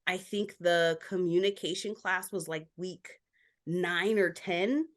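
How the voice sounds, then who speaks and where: A woman's voice: on the low side, slow. A woman guest on a podcast, telling her family story openly, with lots of filler likes. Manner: open, candid storytelling. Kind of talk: casual interview chat.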